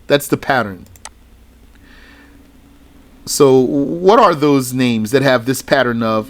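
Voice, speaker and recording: A man with a medium-pitched voice and lively intonation talks slowly, leaving long pauses. He's giving a slow recitation lesson in religious studies, reading each list item in turn and tossing in quick clarifying asides.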